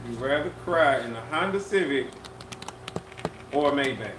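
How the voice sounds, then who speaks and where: A man's voice: mid-range voice, expressive, moderate pace, fairly bright tone, slight background noise. A laid-back man chats casually on a live podcast stream, drawing out his words and circling back over his own phrases. The recording is echoey, with faint ambience behind him. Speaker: podcast co-host.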